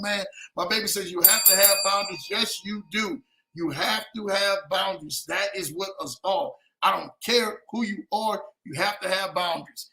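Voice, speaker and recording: A man hosting a casual livestream, animated and repeating "man" and "brother" as he shouts out viewers. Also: sits high, noisy background. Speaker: livestream show host.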